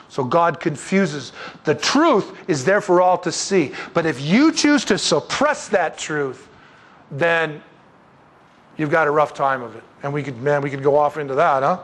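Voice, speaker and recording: A man leading an evening Bible study, talking through scripture in an animated, conversational way with joking asides and rhetorical questions. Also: a little high, slightly rough. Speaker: Bible teacher.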